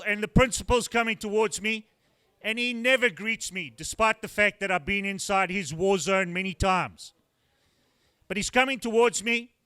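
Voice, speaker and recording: An older man from South Africa with a South African accent, doing a stand-up routine as a comedian in a dry, wry storytelling manner with pauses. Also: sits high, pushed and bright, clean tone. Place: brewery taproom with live audience.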